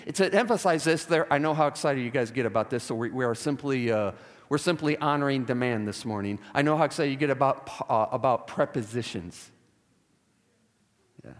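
A man's voice: on the high side, lively intonation, moderate pace. A man preaching a sermon, emphatic and repeating key words for stress, with wry asides. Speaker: pastor. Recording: long hall reverb.

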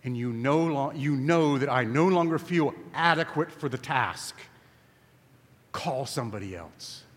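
Lively-voiced male preacher in a reverberant hall. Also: mid-range voice, measured pace. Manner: emphatic, conversational, asks the congregation questions. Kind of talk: sermon. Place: camp meeting.

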